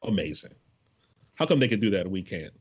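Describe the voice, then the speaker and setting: Husky low-voiced man joking around. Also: a little fast, highs cut off. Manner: animated, joking, slangy storytelling. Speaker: podcast co-host. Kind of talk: casual chat.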